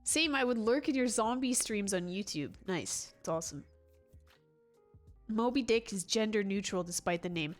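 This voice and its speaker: A woman hosts a relaxed gaming livestream, chatting loosely with viewers in an ordinary middle pitch at a moderate pace. She rambles, restarts sentences, and bursts into laughter while answering chat, with faint music playing softly in the background.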